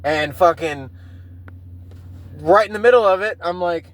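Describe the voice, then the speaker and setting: A man's voice: high voice, a little slow, poor audio. A man in his mid-thirties hosting a casual solo podcast, rambling and swearing freely, often laughing at himself. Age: 30s. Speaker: podcast host.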